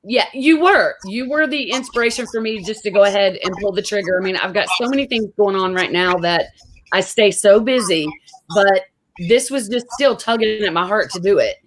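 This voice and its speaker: A woman's voice: mid-range voice, moderate pace, rough recording. A woman hosting an interview show, chatting casually and enthusiastically with her guest over a video call. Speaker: show host.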